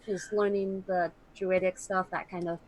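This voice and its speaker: A woman playing in a tabletop game, chatty and filler-heavy, quick to laugh. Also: lowish voice, little pitch movement, rough recording. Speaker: player. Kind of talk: casual tabletop play.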